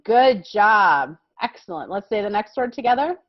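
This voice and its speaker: A woman's voice: on the high side, sing-song, measured pace, few pauses, no room sound, dull audio. An American woman teaching a kindergarten vocabulary lesson, explaining patiently and encouragingly and often checking that the children follow.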